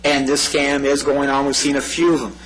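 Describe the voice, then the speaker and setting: A man's voice: mid-range voice, level tone, brisk, fairly bright tone, rough recording. Chatty man giving a community safety talk. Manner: conversational, repeats himself, asks "right?". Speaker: public safety presenter. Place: meeting room.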